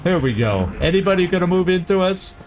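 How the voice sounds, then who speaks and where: A man with a slightly high voice talks through his game, chatty and thinking aloud as he plans each move. He laughs easily and keeps a casual, friendly flow. Faint music plays under him. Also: sing-song, a little fast. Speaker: gaming channel host. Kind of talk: let's-play commentary.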